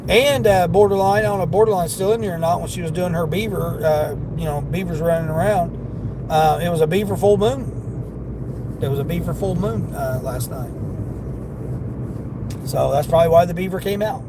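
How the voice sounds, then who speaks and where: A man with a Southern accent chats loosely to his livestream viewers from behind the wheel, wandering from story to story. His voice sits a bit high for a man. Steady road and wind noise fills in behind him. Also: moderate pace. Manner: rambling, chatty, talks to chat while driving. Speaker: livestreaming delivery driver. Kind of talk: casual livestream chat. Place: inside a car.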